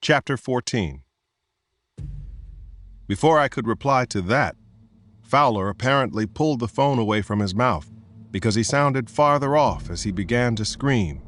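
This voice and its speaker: A man narrating a thriller audiobook in the first person, in a steady, measured way. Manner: steady, measured, low-key. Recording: soft music bed.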